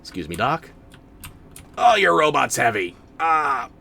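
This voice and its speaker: Wry, lively-voiced male streamer. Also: medium pitch, a little slow, gravelly. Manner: wry, sarcastic, talks back to chat. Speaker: streamer playing a game. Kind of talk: casual gameplay commentary.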